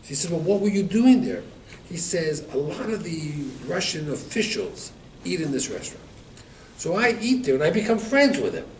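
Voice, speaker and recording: A man teaching a Torah class, telling stories and acting out the quotes with lively rises in his voice. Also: normal speed. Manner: animated storyteller, acts out quotes with rising pitch. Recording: echoey room, mic at a distance, faint background noise.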